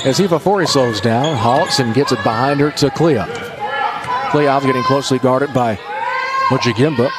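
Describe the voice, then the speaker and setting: A man doing play-by-play commentary for a high school basketball game, trading light jokes with his partner between calls. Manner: jokey, quick banter between calls. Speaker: play-by-play announcer. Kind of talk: sports commentary.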